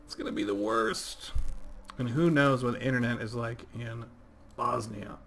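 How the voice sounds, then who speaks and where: A man's voice: mid-range voice, lively intonation, moderate pace, vocal fry, fairly bright tone, a little hiss or hum. Man, 30s, livestream gamer; rambly, conversational play-by-play. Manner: rambling and chatty, reading out chat. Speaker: game streamer. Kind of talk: casual livestream gameplay commentary.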